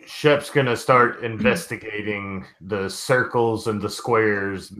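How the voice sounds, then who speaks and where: A man's voice: lowish voice, slow pace, a bit bright. A man playing a tabletop game, describing his character's actions. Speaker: player. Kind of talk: casual chat at a game table.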